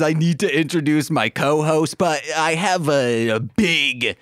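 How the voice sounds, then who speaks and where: A man's voice: on the high side, normal speed, a bit bright, no echo, clean studio sound. A man hosting a crude comedy podcast, rambling and goofy, with wild swings in his voice. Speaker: podcast host.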